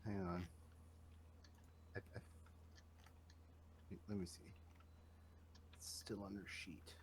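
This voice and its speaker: A man acting as game master, running a tabletop game with animated, laughing banter. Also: sits low, slow pace, noisy background.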